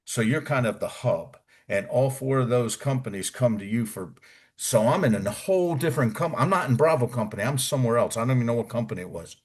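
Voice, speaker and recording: A man's voice: mid-range voice, animated, fast talker, slightly rough. A middle-aged American man, a former Army Ranger, casually telling stories of basic training, swearing and acting out what others said. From United States. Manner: colorful, profane, acts out quotes. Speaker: interview guest, retired Army Ranger. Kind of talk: casual storytelling.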